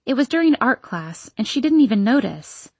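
Husky-voiced woman narrating a novel. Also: on the high side, big pitch swings, moderate pace, no room sound. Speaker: audiobook narrator. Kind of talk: scripted narration.

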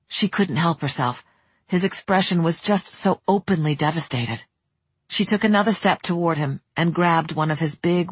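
An audiobook narrator reading a romance in a measured, even way, close to the mic. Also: mid-range voice, slightly rough, no echo. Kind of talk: scripted narration.

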